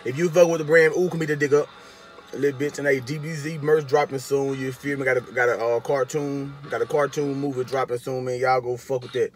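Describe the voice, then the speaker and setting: A man's voice: mid-range voice, fairly even intonation, a little fast. A man hosting a music reaction video, talking in casual, profane, joking commentary with taunting asides.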